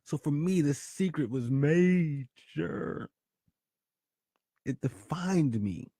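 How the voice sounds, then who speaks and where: Male host, higher voice, close dry mic, dramatic personal storytelling that swings from loud to hushed. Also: expressive, takes it slowly, husky, no room sound. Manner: emotional, dramatic shifts between loud and hushed. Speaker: podcast host.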